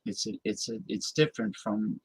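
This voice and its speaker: A man's voice: lowish voice, normal speed, husky. A man talking casually from his home desktop, rambling with many restarts. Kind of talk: casual chat. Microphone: desktop computer mic.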